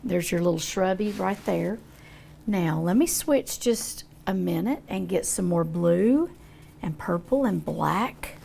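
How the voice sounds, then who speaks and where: A woman's voice: fairly low pitch, lively intonation, a little slow, gravelly, a little mellow, slight background noise. An older woman demonstrating a painting, talking in a chatty, folksy way as she thinks aloud. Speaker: art teacher.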